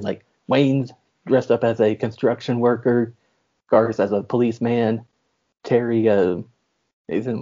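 Brief: male podcast host, casual rambling recap, warm dark voice, dull recording. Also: medium pitch. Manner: rambling, filler-heavy, laughs often.

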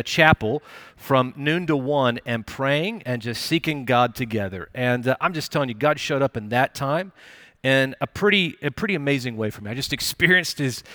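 Male pastor, bright voice, folksy encouraging sermon with lots of "uh"s, dry close mic. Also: mid-range voice, no room sound. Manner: conversational, encouraging, many fillers and restarts. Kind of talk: live sermon. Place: church service.

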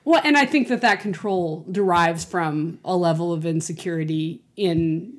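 A woman's voice: lowish voice, normal speed. Female co-host, casual film talk, hesitant, thinks aloud mid-sentence. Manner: hesitant, many fillers and restarts, thinking aloud.

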